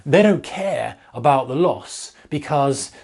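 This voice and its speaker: British man, trading educator, casual talk to camera, emphatic and direct, mid-pitched voice. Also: expressive, takes it slowly, vocal fry, a little mellow. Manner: emphatic, direct, addresses viewers as guys.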